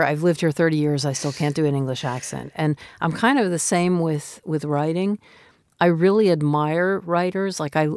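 A woman's voice: low voice, clear, resonant tone, dry recording, clean studio sound. A woman in her fifties, a novelist speaking in an interview, talking in a thoughtful, reflective, conversational way. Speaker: novelist guest.

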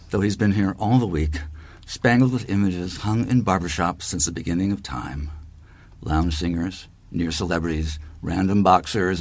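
A man reading a poem in a measured, deliberate way. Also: deep voice. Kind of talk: poetry reading.

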